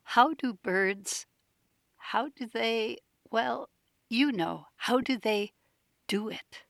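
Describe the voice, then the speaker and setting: Woman voicing a tiny, very old lady, quavering and shy, a touch higher and softer, slowing as she hesitates. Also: creaky, no room sound, clean studio sound, exaggerated voice. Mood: hesitant.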